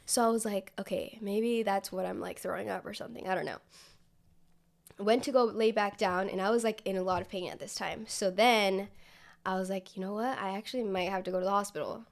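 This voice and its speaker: A woman co-hosting a podcast, telling a story in relaxed casual chat, filling her speech with "like" and quoting herself. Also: medium pitch, brisk, gravelly. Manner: relaxed storytelling, filler-heavy, quotes herself. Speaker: podcast co-host.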